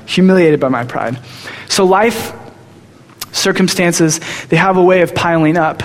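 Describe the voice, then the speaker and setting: Young preacher in a reverberant hall. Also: male voice, on the high side, moderate pace. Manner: storytelling, animated. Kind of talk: sermon.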